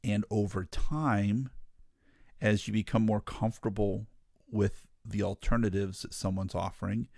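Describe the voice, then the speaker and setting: A man's voice: lowish voice, steady tone, a little slow, gravelly, a little mellow, no echo, clean studio sound. A man hosting a ministry talk show, giving an earnest, emphatic monologue straight to his listeners. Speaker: ministry podcast host. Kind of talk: impassioned monologue.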